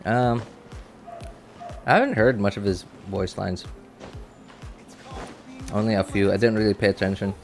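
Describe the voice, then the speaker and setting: Low-voiced man rambling through a live game stream. He speaks casually, restarts his sentences often, laughs at his own jokes and teases himself along the way. Soft game music plays underneath him. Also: fairly even intonation, a little slow, long pauses.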